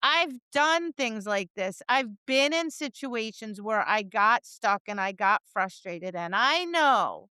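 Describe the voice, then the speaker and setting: A woman co-hosting a dog training podcast, chatting casually and acting out her students and dogs in lively voices. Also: a little high, smooth, no echo. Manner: animated storyteller, acts out voices, laughs and swears. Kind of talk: casual chat.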